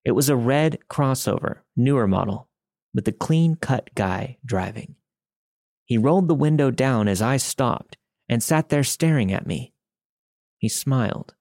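A man's voice: medium pitch, lively intonation, a little slow, a little mellow, no echo. Wry male storyteller, dry sound. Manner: wry, conversational. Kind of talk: first-person story narration.

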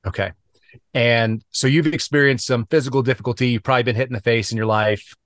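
A man hosting a podcast interview, chatting freely and telling long, lively stories. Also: medium pitch, fast talker, no room sound, studio quality. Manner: lively rambling storyteller. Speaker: podcast host. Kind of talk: conversational interview.

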